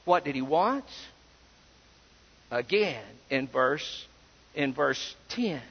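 Male pastor, high voice, sermon, rhetorical questions, muffled lo-fi sound. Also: lively intonation, extremely slow, husky. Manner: preaching with repeated rhetorical questions. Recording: dull recording with long hall reverb.

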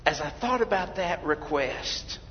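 A man preaching a sermon, swinging between loud exclamations and hushed, quiet lines. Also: sits high, lively intonation, measured pace, a little hiss or hum. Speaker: pastor. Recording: dull lo-fi recording in a reverberant hall.

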